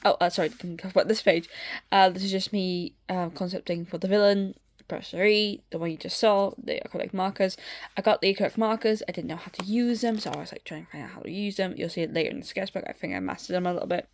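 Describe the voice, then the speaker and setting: A young woman chatting casually at home through a sketchbook tour, rambling with many fillers and getting excitable. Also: medium pitch, quick pace. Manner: excitable, swears in bursts. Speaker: artist showing a sketchbook.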